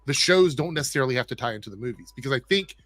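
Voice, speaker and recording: A man's voice: mid-range voice, animated, a bit bright, no echo. A man hosting a casual livestream chat, reading viewer messages and giving his opinions. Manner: opinionated, talks fast, reads viewer messages. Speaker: show host.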